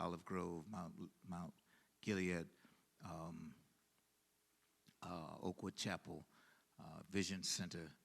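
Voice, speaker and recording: Low-pitched male pastor, halting teaching style that rises for emphasis. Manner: halting, many fillers and restarts, swells in emphasis. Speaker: pastor leading Bible study. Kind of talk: Bible study teaching.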